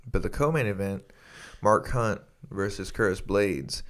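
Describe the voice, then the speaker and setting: Young male podcast co-host with a lowish voice, loose rambling delivery, curses a lot, restarts often. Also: measured pace, fairly bright tone. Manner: rambling, swears freely, many restarts. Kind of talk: casual chat.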